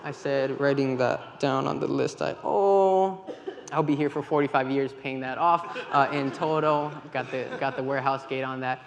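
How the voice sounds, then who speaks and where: A man giving a church talk, telling lively stories with quoted dialogue. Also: medium pitch, normal speed, vocal fry, highs cut off. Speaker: volunteer leader with kids. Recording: long hall reverb, faint ambience.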